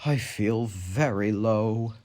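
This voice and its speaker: A man voicing a proud, pompous big male express engine who booms and chortles. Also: takes it slowly, a little mellow. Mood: glum. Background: music.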